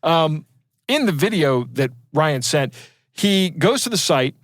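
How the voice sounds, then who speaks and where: Chatty man with a slightly high voice. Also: animated, slow pace, no room sound, clean studio sound. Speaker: podcast co-host. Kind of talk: casual chat.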